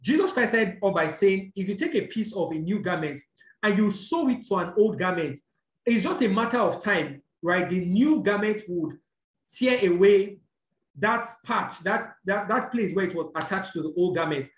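A preacher in the middle of a teaching sermon, walking through scripture point by point. The voice sits at a mid pitch and keeps asking "all right?" as it goes, fixing small slips along the way. The recording rings with a noticeable room echo. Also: animated, moderate pace. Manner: explanatory, checks in with "all right?", corrects own slips. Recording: echoey room.

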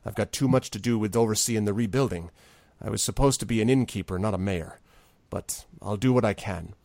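A man's voice: fairly low pitch, fairly quick, creaky, a little mellow, no room sound. A man voicing a weary, earnest male innkeeper who was made mayor in a tabletop game.

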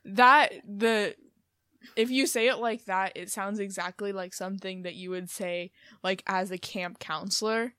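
A woman's voice: medium pitch, fairly even intonation, unhurried, pushed and bright, clean tone, no echo. A woman with a mid-range voice chats casually in a wry, matter-of-fact way. Her voice sounds dry and close, with no room around it. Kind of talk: casual chat.

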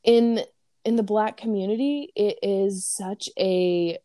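A woman co-hosting a podcast, chatting casually and telling animated stories. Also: medium pitch, slow, no room sound, clean studio sound. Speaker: podcast co-host. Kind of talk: casual chat.

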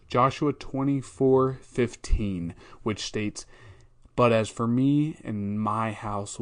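A man hosting a podcast, talking through a Bible verse in a casual, thoughtful way, with frequent fillers and restarts. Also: medium pitch. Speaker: podcast host.

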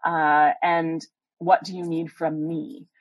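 A woman hosting a live podcast, giving calm, thoughtful relationship advice to a caller. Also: deep voice, slow, no room sound, phone-quality sound. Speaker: podcast host and sex educator.

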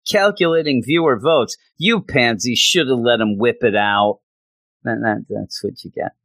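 A man's voice: fairly low pitch, measured pace, vocal fry, bright, forceful tone, dry recording. A man hosting a podcast, recapping a comic in a sarcastic, exasperated way with stammering restarts. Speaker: podcast host. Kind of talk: casual comic book recap.

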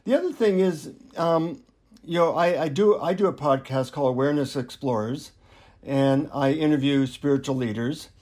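A man being interviewed as an author, telling anecdotes in a relaxed, self-deprecating way. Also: a little high, normal speed. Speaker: author and guest. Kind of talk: interview storytelling.

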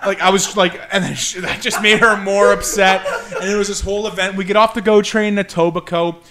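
A young man telling a story in casual chat, animated and swearing freely as he acts out quotes. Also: high voice, fairly quick, crowd noise.

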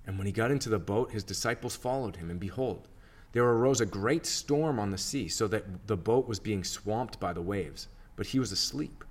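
Man reading scripture, low voice, steady measured narration. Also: husky. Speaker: scripture reader.

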